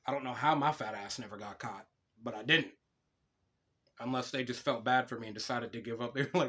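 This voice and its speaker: A young man talks casually on a podcast, his voice pitched right in the middle. He tells long stories with a lot of energy and curses freely as he goes. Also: a little fast, husky. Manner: swears a lot, animated storytelling. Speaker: podcast co-host.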